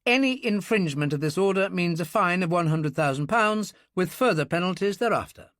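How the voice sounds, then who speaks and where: A man's voice: sits high, a little fast, no room sound, studio quality, voice pushed up. A man voicing a precise, formal woman police superintendent in an audiobook. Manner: precise, official, calm.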